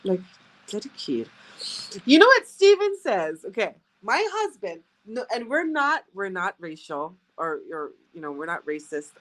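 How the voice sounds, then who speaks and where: A woman's voice: medium pitch, very animated, measured pace, a bit bright. A woman chatting casually with viewers as a sales rep, telling stories and laughing often. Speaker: direct sales rep hosting a live stream.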